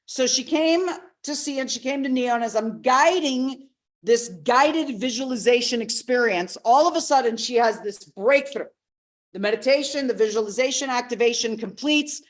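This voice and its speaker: A woman with a high voice teaches a live masterclass as a personal development coach. She talks expressively to her audience. She acts out what people said and slows down to stress key ideas.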